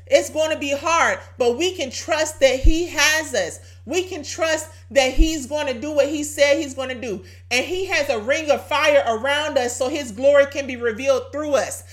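Brief: high-voiced woman preacher, exhorting, hoarse. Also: fairly bright tone. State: voice going hoarse. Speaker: podcast preacher. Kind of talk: informal sermon.

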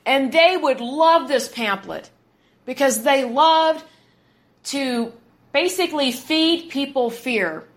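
Indignant high-voiced woman in her thirties. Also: expressive, takes it slowly. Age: 30s. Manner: indignant, emphatic, repeats words for stress. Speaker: podcast host. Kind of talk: opinionated commentary.

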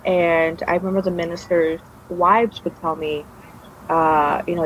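A woman's voice: fairly low pitch, steady tone, measured pace, slight background noise. A woman guest telling her personal story in a casual interview, meandering with trailing restarts. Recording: dull lo-fi recording.

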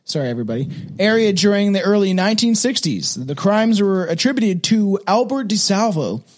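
A young man with a notably high, light voice chats through a true-crime podcast. He is casual and profane, leaning on fillers, and trips over words when reading his notes aloud. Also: animated, fairly quick. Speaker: podcast co-host leading the episode.

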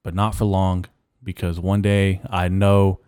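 A young man hosting a solo podcast, giving a halting, mock-mournful rant full of restarts. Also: deep voice, level tone, warm tone, clean tone, dry recording, studio quality. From Mexican-American. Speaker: podcast host. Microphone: podcast mic.

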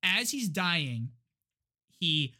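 Bright-voiced man recapping a film casually. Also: a little high, very animated, drawn-out words. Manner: rambling retelling with many restarts and laughs. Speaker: podcast co-host. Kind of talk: casual movie recap chat.

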